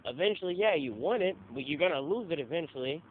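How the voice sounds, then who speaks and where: A man's voice: a little high, lively intonation, fast. A young man telling casual stories, loose and profane, acting out the people he quotes. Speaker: interviewee. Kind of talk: casual storytelling. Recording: phone-like audio with faint noise.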